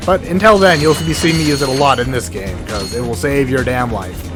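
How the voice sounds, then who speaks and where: Over game music and sound effects, a let's play host in a medium-pitched voice talks a little fast, excitably rambling through his commentary. He frequently cuts himself off mid-thought and swears in a casual way.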